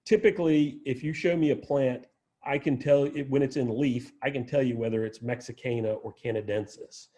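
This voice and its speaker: Guy giving a chatty plant talk, mellow low-key voice, lots of "you know". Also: fairly even intonation, moderate pace. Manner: conversational, frequent restarts and "you know". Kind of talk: informal lecture.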